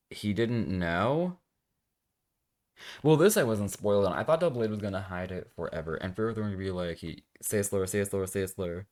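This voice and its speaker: A man reading a fan story aloud and breaking off for sarcastic, deadpan commentary. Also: low-pitched, normal speed. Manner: sarcastic, deadpan asides between dramatic readings. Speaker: reaction video host. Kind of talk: comedic fanfic reading with commentary.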